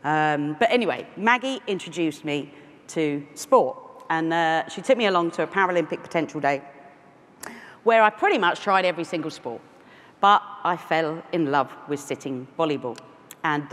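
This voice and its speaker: A woman in her forties from London, with a London accent, giving a conference keynote full of self-deprecating asides and restarts. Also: fairly low pitch. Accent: London English. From London, England. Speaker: keynote speaker. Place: large conference hall. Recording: echoey hall with faint noise.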